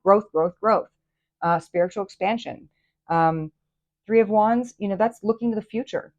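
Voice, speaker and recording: Excitable woman giving a tarot reading. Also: mid-range voice, normal speed, lo-fi sound. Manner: excitable, enthusiastic, chatty with many fillers and restarts. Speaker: tarot reader and channel host. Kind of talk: casual tarot reading to camera.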